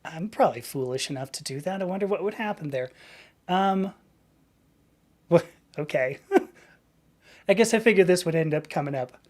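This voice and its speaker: A woman's voice: on the low side, lively intonation, moderate pace, long pauses, darkish tone. A woman in her fifties hosting a casual live stream. She rambles as she reads the chat, restarts her sentences often and laughs easily. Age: 50s. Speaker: livestream host.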